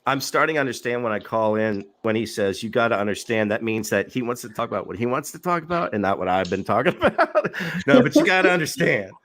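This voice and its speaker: Lively-voiced man chatting on a podcast. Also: on the low side, fast talker, few pauses. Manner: laughing, imitates callers and hosts. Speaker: podcast co-host. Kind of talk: casual chat.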